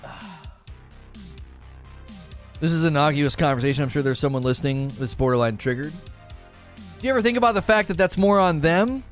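A man hosting a casual livestream, reading viewer chat aloud and rambling in a relaxed way, often laughing and repeating himself. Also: on the high side, moderate pace, pauses often, faint music behind.

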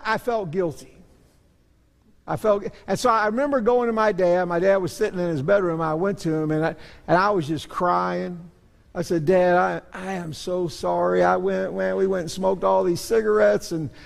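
Middle-aged man, pastor, earnest storytelling sermon, high voice, long reverb of a church sanctuary. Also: creaky. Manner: storytelling, earnest, self-deprecating.

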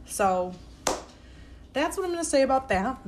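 A woman's voice: high-pitched, sing-song, moderate pace, background noise. Woman ranting on her podcast, swears a lot, super skeptical, blows up now and then. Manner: profane, skeptical, exasperated outbursts. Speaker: podcast host. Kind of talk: ranting political monologue.

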